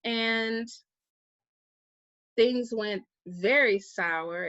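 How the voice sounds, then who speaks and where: A woman guest telling a personal story in a casual interview, animated and acting out the people she quotes. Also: medium pitch, slow pace, no room sound, lo-fi sound. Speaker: guest, vegan activist.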